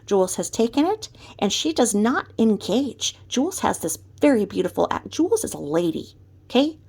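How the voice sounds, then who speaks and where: A woman's voice: fairly high pitch, sing-song, moderate pace, creaky, darkish tone, husky. A woman delivering a ranting commentary vlog from her home desk, emphatic and repetitive in her scolding. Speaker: commentary vlogger.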